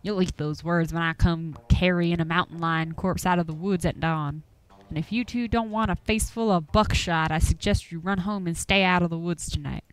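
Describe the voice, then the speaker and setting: A woman's voice: fairly low pitch, steady tone, moderate pace, no echo, close to an everyday voice, low-quality recording. A woman voicing a stubborn old rural man from the Appalachian hills, with a folksy drawl, grumbling and scolding. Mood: gruff. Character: gruff old rural man, stubborn chicken farmer and hunter.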